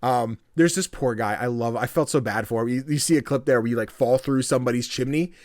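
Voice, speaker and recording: A man hosting a casual podcast, talking in an animated way, laughing often and acting out voices as he retells things. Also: medium pitch, fairly quick, no echo. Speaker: podcast host.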